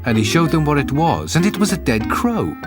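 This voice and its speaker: A man narrating a fairy tale in an animated, expressive way. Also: fairly high pitch, fairly quick, music in the background. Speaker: storyteller. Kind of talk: storybook narration.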